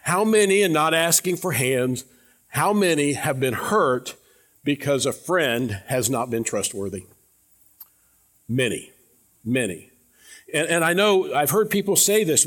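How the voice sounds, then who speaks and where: A male pastor preaching a sermon to his church in an earnest, conversational way, often dropping to quiet, low tones and asking the congregation questions. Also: animated, measured pace. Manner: conversational, repeats words, asks the congregation questions.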